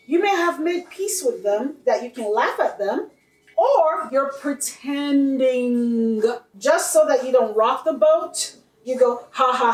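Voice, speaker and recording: Woman, high voice, blunt and fiery monologue, off-mic in an echoey room. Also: distant mic. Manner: blunt, heated and profane, mocking others in quoted voices. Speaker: vlogger. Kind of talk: impassioned monologue to camera.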